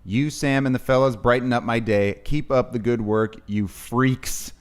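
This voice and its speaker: A man's voice: mid-range voice, fairly even intonation, measured pace, clean tone. Guy co-hosting a stream, reads out the chat messages, mid voice, kinda dry. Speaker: co-host reading viewer messages. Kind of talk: casual livestream chat.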